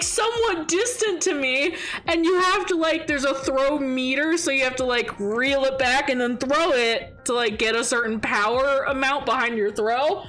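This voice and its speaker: Here a young woman chats with her stream chat from home, speaking close to a desk microphone. She tells lively stories, swearing and laughing along the way, in a high-pitched voice at a normal pace. The recording sounds rough.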